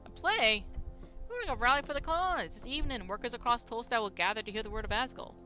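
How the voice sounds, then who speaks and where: A woman's voice: a little high, lively intonation, fast talker, pushed and bright, voice pushed up. A woman voicing a defiant male dwarf foreman in a video game, with game music behind her. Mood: boastful. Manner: defiant, boastful. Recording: slightly dull stream audio with game music.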